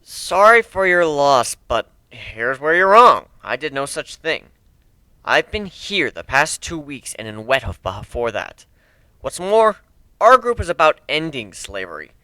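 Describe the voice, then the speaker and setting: A man's voice: mid-range voice, sing-song, unhurried, pushed and bright, no echo. A man reading a story aloud in the first person, brash and crude with a casual swagger. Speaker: amateur reader.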